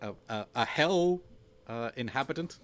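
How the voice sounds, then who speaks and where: A man's voice: medium pitch, lively intonation, moderate pace. A young man running a tabletop game as game master, talking loosely with many fillers and restarts.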